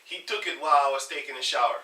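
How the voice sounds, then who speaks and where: Casual man leading a group chat, animated storyteller. Bright, tense voice, picked up from a distance in a roomy space. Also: mid-range voice, racing. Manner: animated storytelling, acts out others' lines. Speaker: group leader. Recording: echoey room from far off, faint noise.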